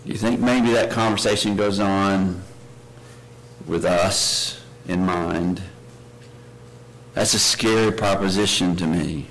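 A man's voice: low voice, takes it slowly, pauses often, fairly bright tone, low-quality recording. A man preaching a sermon, earnest, asking his listeners questions and reading scripture aloud with rising emphasis. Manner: earnest, asks the congregation many questions.

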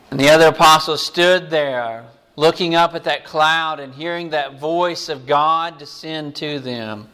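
A man preaching a sermon, reading scripture passages aloud slowly and deliberately. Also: a little high, a bit bright.

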